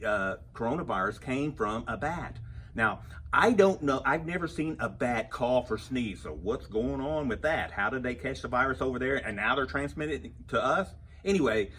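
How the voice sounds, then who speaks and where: A man who owns a shop, giving a joking update to customers in a wisecracking monologue that swings from calm to loud and excited. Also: medium pitch, breathy edge. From United States. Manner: wisecracking, grows loud and excited then settles back down.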